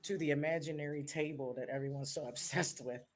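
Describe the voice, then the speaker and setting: A woman's voice: low voice, fairly even intonation, a little fast. A laid-back, teasing woman with a Southern US accent, a guest on a casual live stream chat.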